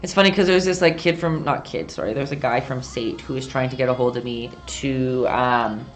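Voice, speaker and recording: Woman, low voice, casual painting lesson, rambling, giggly, self-deprecating. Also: brisk, faint music behind. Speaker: painting instructor and streamer.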